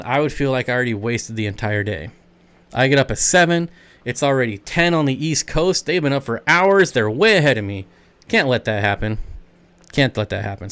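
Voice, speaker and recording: A man's voice: medium pitch, fairly bright tone, smooth. A man hosting a casual live stream Q&A, rambling as he reads and answers chat comments. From United States.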